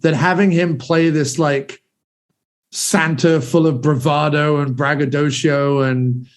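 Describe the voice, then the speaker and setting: A man's voice: a little high, fairly even intonation, takes it slowly. A man in his forties hosting a podcast, chatting enthusiastically and rambling about films with casual swearing. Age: 40s. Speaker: podcast host.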